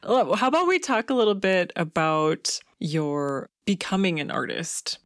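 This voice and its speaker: A woman's voice: fairly low pitch, lively intonation, a little slow, dry recording. Curious woman interviewer, dry sound. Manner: curious, encouraging, laughs along. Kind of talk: interview questions.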